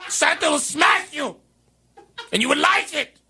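A male radio host voicing a loud, blustery Santa Claus who mixes jolly ho-ho-hos with threats. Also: very high-pitched, lively intonation, unhurried, creaky, slight background noise, heavily acted.

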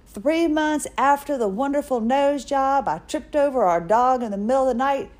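A woman's voice: high voice, normal speed, darkish tone. A middle-aged woman hosting a podcast, telling a personal story in a chatty, self-mocking way. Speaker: podcast host. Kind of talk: casual personal monologue.

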